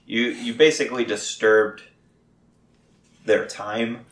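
A man running a tabletop game as game master, narrating haltingly with many fillers and restarts. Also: lowish voice, fairly bright tone. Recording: echoey room.

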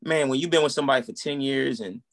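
An animated man from the United States, a musician and minister appearing as a guest, tells his story in casual conversation. He talks fast at a medium pitch and acts out the quoted dialogue.

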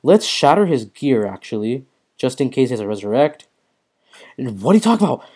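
A young man casually commentating his mobile game on a live stream, excitable, swearing often and reading chat aloud, troubled by hiccups and throat-clearing. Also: mid-range voice, fairly quick.

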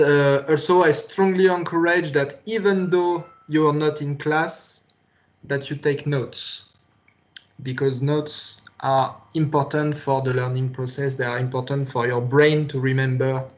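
Man, French accent, recorded lecture, hesitant and reassuring, medium pitch. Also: steady tone, unhurried, dull audio. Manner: hesitant, many fillers and restarts. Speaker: university lecturer.

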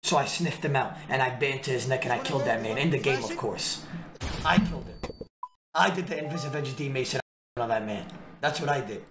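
A man streaming a game, giving excitable, slangy trash-talk commentary with sudden shouts. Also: medium pitch, a little fast, crowd noise. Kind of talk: live gameplay commentary. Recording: echoey room with clear background music. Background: background music.

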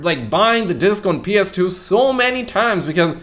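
A young man giving casual, excitable reaction commentary on gaming news, full of slang and mock outrage. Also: sits high, moderate pace, few pauses, slight background noise.

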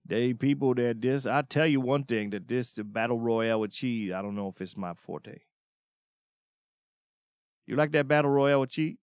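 A man's voice: medium pitch, normal speed, no echo. Drawling, folksy man on a dry mic. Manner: drawling, folksy, exclaims "Oh, Lord". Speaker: streamer playing as a Louisiana bayou character. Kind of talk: casual gaming stream banter with put-on Cajun drawl.

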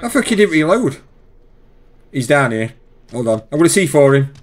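A man's voice: a little high, moderate pace. A young man streaming a shooter game, calling out enemies and laughing often with his duo partner. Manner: laughing often, excited callouts. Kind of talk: casual gaming chat with duo partner.

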